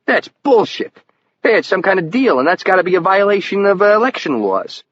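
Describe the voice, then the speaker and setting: A man's voice: medium pitch, expressive, natural voice. A man voicing an indignant, blunt investigator. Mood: outraged. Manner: outspoken, quick to outrage. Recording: muffled lo-fi audio with faint hiss.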